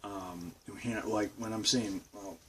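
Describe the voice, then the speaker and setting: A man in his twenties from Boston, with a Boston accent, talking casually on a vlog in a rambling, halting way full of fillers and restarts. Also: on the low side, steady tone, a bit bright. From Boston, Massachusetts. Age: 20s. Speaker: vlogger. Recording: distant mic with faint background noise.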